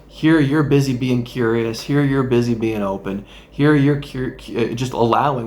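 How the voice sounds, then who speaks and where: A man speaking as a therapist, giving an instructional talk that guides the listener through a mindfulness exercise in a gentle way with playful asides. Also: mid-range voice, normal speed, few pauses.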